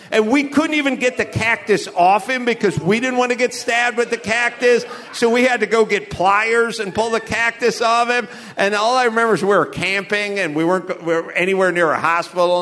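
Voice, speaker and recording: High, bright-voiced rambling male comic. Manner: rambling, crude, deadpan jokes with laughs. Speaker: comedian. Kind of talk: loose stand-up storytelling.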